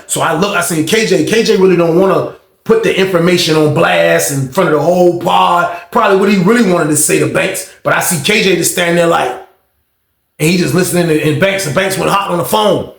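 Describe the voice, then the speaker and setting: A man's voice: high-pitched, vocal fry, a bit bright, reverberant. A man telling a story in casual, slangy street talk, full of asides to his listeners. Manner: slangy, drawn-out street talk with lots of fillers.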